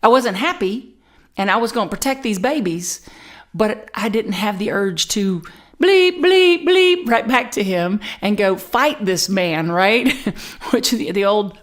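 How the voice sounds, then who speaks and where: Middle-aged woman minister, lively conversational sermon storyteller, mid-pitched. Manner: animated, conversational, laughing asides. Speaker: pastor.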